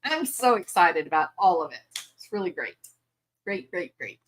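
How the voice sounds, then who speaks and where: A woman's voice: on the low side, sing-song, moderate pace, slight background noise. A chatty, bubbly older woman, hosting a casual live stream and laughing often. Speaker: livestream host.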